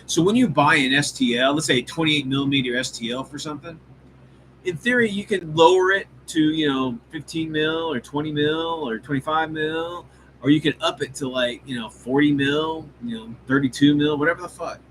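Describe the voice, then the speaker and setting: Guy hosting a live hobby stream, kinda high voice, swears a lot, rambles with tons of ums, faint room hum behind. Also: moderate pace, a bit bright, low-quality recording. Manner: rambling, profane, enthusiastic, lots of fillers. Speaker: hobby show host. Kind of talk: casual live-stream chat.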